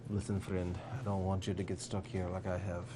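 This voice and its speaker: Male game master voicing a tired stocky dwarf guard, low-voiced, lived-in. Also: completely flat delivery, fairly quick, background noise, close to an everyday voice. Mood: weary.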